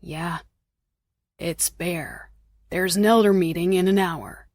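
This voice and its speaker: A woman's voice: lowish voice, steady tone, slow pace, a little mellow, dry recording, clean studio sound. A woman narrator voicing a curt male shifter deputy in an audiobook, speaking short and blunt.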